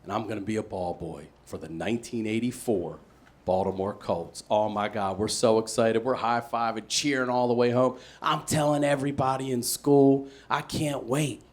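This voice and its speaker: A male stand-up comedian from Maryland telling a story on a comedy stage, animated and acting out voices, building up to loud punchlines. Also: fairly low pitch, moderate pace. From Maryland, USA. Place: comedy stage with a live audience.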